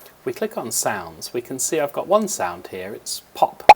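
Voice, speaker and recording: A man's voice: medium pitch, huge pitch swings, moderate pace, slightly rough. Man patiently explaining a kids' coding lesson. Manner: patient, step-by-step explaining with fillers. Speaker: teacher. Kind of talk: screen-recorded coding lesson for children. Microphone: computer microphone.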